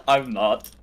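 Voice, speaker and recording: A man's voice: on the high side, gravelly, sharp tone. A young man playing his character in a tabletop game, boisterous and swearing freely. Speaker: player.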